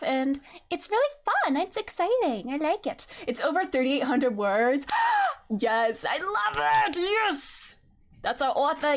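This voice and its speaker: A young woman streaming a game, chatting casually with her viewers in an excitable way, with lots of gasps and fillers. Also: sits high. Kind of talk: casual live-stream chat.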